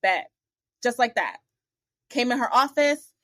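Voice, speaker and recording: A woman guest on an interview podcast, telling lively stories about her career, acting out the voices of the people in them, with blunt, salty asides. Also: on the high side, unhurried, no room sound. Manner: animated, acts out the other people in her stories. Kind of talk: casual storytelling interview.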